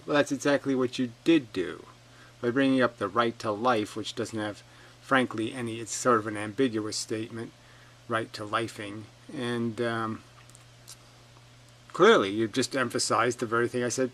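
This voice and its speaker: A man's voice: medium pitch, fairly even intonation, normal speed, a bit bright, poor audio. Combative man in a profane rant. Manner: reads out an opponent's comments and fires back. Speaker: video commentator. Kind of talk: ranting rebuttal monologue.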